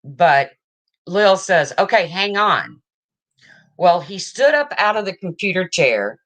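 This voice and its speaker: A woman's voice: lowish voice, big pitch swings, a little slow. A woman vlogger telling a personal story in a frank, emotional way, swearing casually and often checking in with "okay?".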